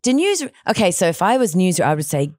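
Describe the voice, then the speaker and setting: Woman host, low-pitched, self-mocking banter, dry studio sound. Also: very animated, a little fast, a little mellow, dry recording. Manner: chatty, jokey, self-deprecating. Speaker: podcast host. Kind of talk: casual chat.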